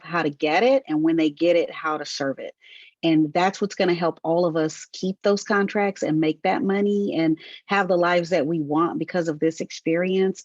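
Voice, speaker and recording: Woman guest, low voice, affirming and praising, dry lo-fi audio. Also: no room sound. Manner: warmly affirming, repeats praise. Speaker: guest and team member. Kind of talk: interview conversation.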